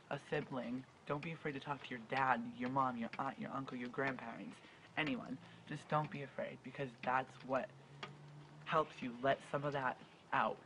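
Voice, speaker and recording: A man's voice: mid-range voice, fairly bright tone, slight background noise, rough recording. Earnest young man with a stutter. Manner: earnest, heartfelt, with stutters and restarts. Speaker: vlogger. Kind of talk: personal advice vlog.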